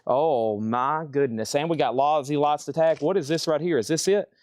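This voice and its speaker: Excitable man calling out record prices. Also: fairly high pitch, no echo. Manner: excitable, calls out titles and prices in quick bursts; frequent exclamations of surprise. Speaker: record seller running a live auction. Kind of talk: live online sales stream.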